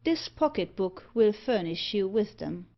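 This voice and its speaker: A woman voicing a suave, wealthy male tempter with a mocking, devilish air, delivering his lines slowly and deliberately. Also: medium pitch, animated. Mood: smooth. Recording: dull lo-fi audiobook recording.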